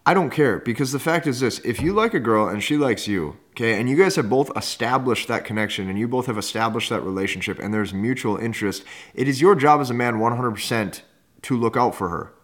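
A man's voice: mid-range voice, lively intonation, fairly quick. A man hosting a podcast, commenting in an assertive, instructive way on dating advice. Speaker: dating coach host.

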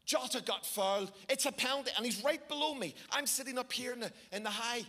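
A middle-aged man with a Belfast accent, preaching a sermon and telling a lively story with shifting pace for emphasis. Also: extremely high pitch, quick pace. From Northern Ireland. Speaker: pastor.

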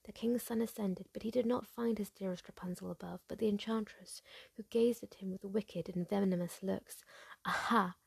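A woman tells a fairy tale in a breathy whispered role-play. Her hushed voice is mellow and slightly gravelly, set close in a dry space. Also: mid-range voice, steady tone, no echo. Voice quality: soft and breathy. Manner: gentle, slow and hushed. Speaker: storyteller.

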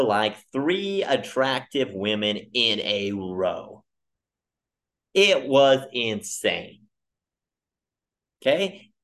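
Young man, solo podcast host, comic rambling monologue, average pitch, mimics other people in jumpy voices. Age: young adult. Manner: animated storytelling, acting out quoted people in jumpy voices. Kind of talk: casual comedic monologue.

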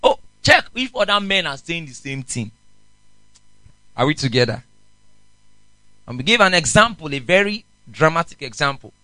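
Man, pastor, animated sermon, lively swooping pitch. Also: normal speed, long pauses, no room sound, faint music behind, poor audio. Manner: animated, questions the congregation.

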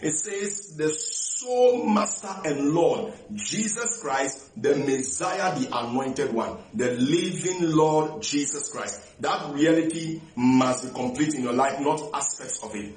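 A man preaching a sermon, repeating phrases slowly for emphasis, often restarting with short laughs between phrases. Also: a little high, expressive, a little mellow. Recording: echoey room.

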